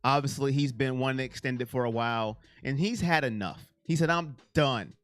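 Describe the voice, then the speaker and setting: A man hosting a casual sports livestream, answering chat and swinging from loud to mumbling. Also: medium pitch, a little fast, dry recording, soft background music. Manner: excitable, reads chat names aloud, swings from loud to mumbling. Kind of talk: casual live-chat commentary.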